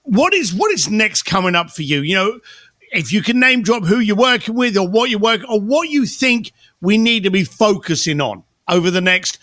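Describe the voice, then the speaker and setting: A man hosts a podcast in a blunt, casual way, swearing freely as he talks to his listeners. His voice sits high and lively, and the sound is dry and close. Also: moderate pace, no room sound. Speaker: podcast host.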